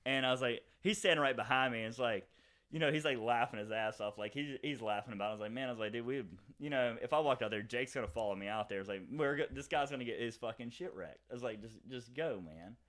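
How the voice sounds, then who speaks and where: A man's voice: mid-range voice, a bit bright. A young man, a podcast co-host, telling a rambling story in casual chat with lots of fillers. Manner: rambling, fast, many fillers and acted quotes.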